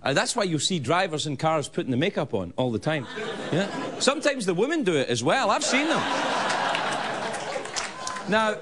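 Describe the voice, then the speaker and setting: A man's voice: high-pitched, sing-song, normal speed, long pauses, crowd noise. A man doing a rambling, self-mocking stand-up comedy monologue on stage. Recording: noisy live recording with audience laughter.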